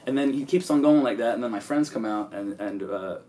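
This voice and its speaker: A man telling stories as an interview guest, profane and rambling, with lots of halting restarts. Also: medium pitch, mellow. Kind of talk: casual storytelling interview.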